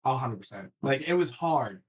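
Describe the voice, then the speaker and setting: Cursing liberally and often starting sentences over, this man spins a lively tale on a relaxed podcast. His voice sits in the mid-range and moves at a moderate pace.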